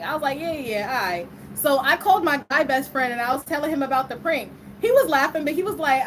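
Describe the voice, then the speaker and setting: A woman's voice: high voice, expressive, normal speed, slight background noise, poor audio. A woman in her twenties casually telling a story to the camera, laughing often and acting out the voices of the people in it. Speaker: vlogger.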